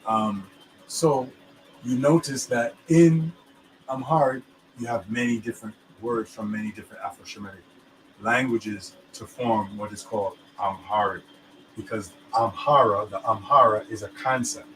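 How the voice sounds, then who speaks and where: A man's voice: lowish voice, fairly even intonation, normal speed, fairly bright tone, a little hiss or hum, low-quality recording. A man explaining things in casual chat, loose and full of fillers, often checking that his listener understands.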